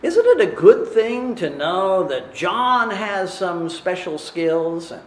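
A man preaching a sermon in a measured, deliberate way, often asking rhetorical questions. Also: sits high, very animated, roomy sound.

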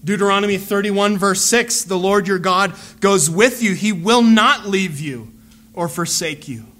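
A man preaching a sermon as a pastor, earnest and deliberate, repeating phrases as he builds a point. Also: high-pitched, pushed and bright.

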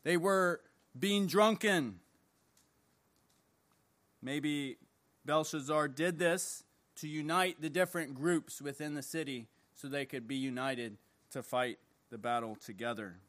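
A man preaching an evening sermon, reading scripture and praying in slow, deliberate, emphatic phrases. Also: a little high, a bit bright. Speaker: pastor. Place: church service.

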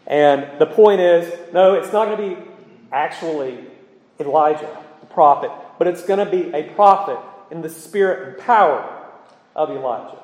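A man preaching an expository sermon, earnest and emphatic, pausing with ums as he explains scripture. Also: fairly high pitch, lively intonation, darkish tone. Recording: echoey hall with long reverb.

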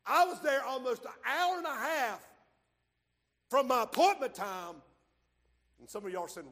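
A man preaching a sermon, swinging from loud shouts to quiet low asides and drawing key phrases out slowly. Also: expressive. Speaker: pastor. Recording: long hall reverb.

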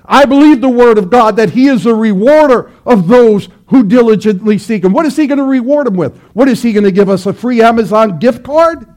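A male pastor preaching a sermon to his church with emphatic delivery, rising to loud pleading cries. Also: very high voice, lively intonation, fairly quick, hardly any pauses.

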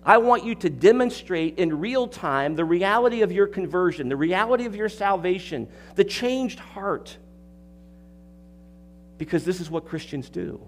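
High-voiced pastor preaching with emphatic questions. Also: male voice, animated, moderate pace, slight background noise. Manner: emphatic, with repeated words and rhetorical questions. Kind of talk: expository sermon.

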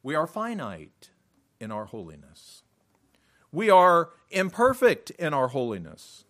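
A man preaching a sermon, slow and emphatic, often repeating words and clearing his throat. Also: on the high side, wildly swooping pitch, a bit bright.

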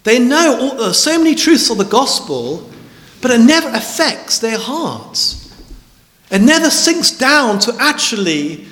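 A man's voice: very high-pitched, big pitch swings, measured pace, a bit bright. A man preaching a sermon, emphatic and stressing words by repeating them. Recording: echoey hall with long reverb.

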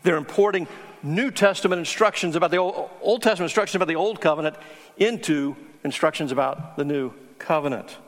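Male pastor, slightly high voice, earnest teaching delivery, long hall reverb. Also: brisk. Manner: earnest teaching, emphatic on key words. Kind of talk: sermon.

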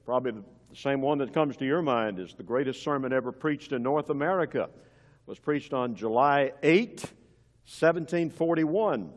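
A man's voice: mid-range voice, lively intonation, normal speed. A middle-aged man preaching a sermon in a church, earnest and emphatic, leaning hard into key words. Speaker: pastor. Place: church sanctuary. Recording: long reverb of a large hall.

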